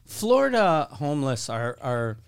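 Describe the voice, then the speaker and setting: A man on a casual podcast, telling animated, joking travel stories with plenty of swearing. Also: mid-range voice, measured pace, clean tone.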